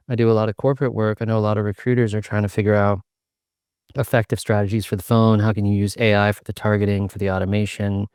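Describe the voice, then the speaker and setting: A man from the United States joins a podcast as a guest over a video call. He speaks in a low voice and rambles with jokes. The sound is dry. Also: darkish tone, smooth, no room sound. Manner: rambling, jokey. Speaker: guest, sales consultant. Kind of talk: interview conversation.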